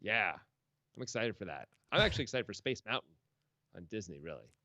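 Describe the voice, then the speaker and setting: A man's voice: on the low side, very animated, fairly quick, sharp tone, no room sound. A man commentating a poker stream in a casual, joking, rambling way, often laughing.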